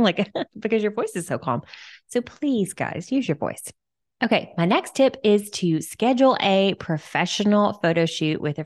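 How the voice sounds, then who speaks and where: Woman, podcast host, low voice, chatty and eager, casual filler words. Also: no echo, studio quality. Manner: chatty, enthusiastic, many "like" fillers. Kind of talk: casual solo podcast tips.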